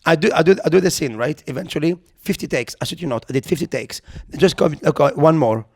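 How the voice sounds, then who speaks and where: Young guy on a podcast, kinda high voice, acts out every line of his story, swears a lot. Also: fast. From Europe. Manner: animated storyteller who acts out quotes, swears. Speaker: podcast co-host. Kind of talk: casual chat, anecdote.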